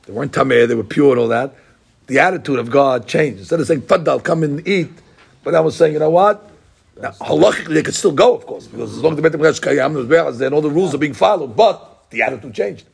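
A man teaching a Talmud class in an animated, repetitive way, dropping Hebrew and Aramaic terms into his speech. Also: fairly high pitch, quick pace, vocal fry, slightly rough. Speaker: Torah teacher.

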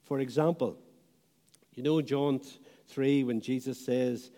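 Male preacher, sermon delivery, very unhurried, warm low tone, phrases fading at the end; hall echo. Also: steady tone. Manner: slow and deliberate, trailing off softly at phrase ends. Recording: long hall reverb.

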